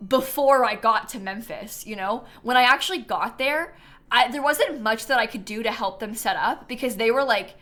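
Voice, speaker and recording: A woman's voice: fairly high pitch, sharp tone. A young woman streamer chatting casually while playing a game, tired and yawning, with lots of ums and likes and frequent laughs. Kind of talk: casual live-stream gameplay chat.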